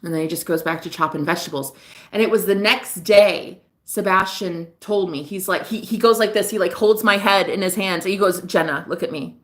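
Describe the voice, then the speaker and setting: A young woman talks straight to camera, tired and sad because she can't sleep. She rambles through a personal story with frank, unfiltered swearing, circling back and repeating herself. Her voice sits at an ordinary middle pitch for a woman. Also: fairly even intonation, a little fast, fairly bright tone. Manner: rambling, candid, swears freely. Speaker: vlogger and psychic reader. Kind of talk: confessional late-night vlog.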